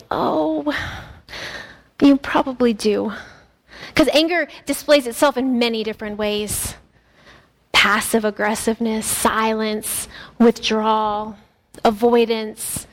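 A woman pastor preaching a sermon in an earnest, conversational way, often restarting her sentences. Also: on the high side.

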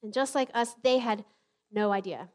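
A woman's voice: a little high, moderate pace, a little mellow. Woman preaching a conversational sermon. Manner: conversational, emphatic, with jokey asides. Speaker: pastor. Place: church sanctuary.

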